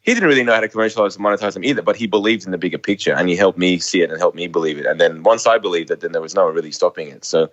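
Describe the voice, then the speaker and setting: Low voiced guy talking fast as an interview guest, trips over words, kinda muffled audio. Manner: fast, stumbling, candid. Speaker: guest, company founder. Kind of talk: casual interview. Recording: slightly dull, lo-fi sound.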